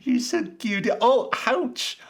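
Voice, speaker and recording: Man playing a cooing baby-talker, high-pitched, sing-song, gushing. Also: lively intonation, slow, exaggerated voice. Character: overly cooing man baby-talking a snake.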